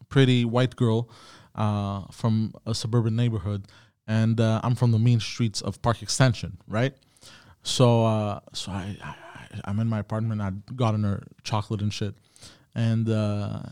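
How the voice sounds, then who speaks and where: A man's voice: medium pitch, a little mellow, dry recording, studio quality. A man hosting a podcast, telling a story in a casual, profane way with many fillers and restarts. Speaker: podcast host.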